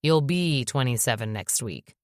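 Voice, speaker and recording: A woman narrator voicing a stubborn, protective father in an audiobook, with calm, matter-of-fact delivery. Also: rumbling low, normal speed, no echo, studio quality.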